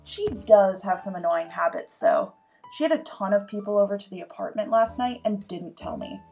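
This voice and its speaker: A woman's voice: medium pitch, lively intonation, normal speed, creaky, dark tone, faint music behind. A woman playing a young college student reading her earnest letters home in a comic monologue. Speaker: improv performer.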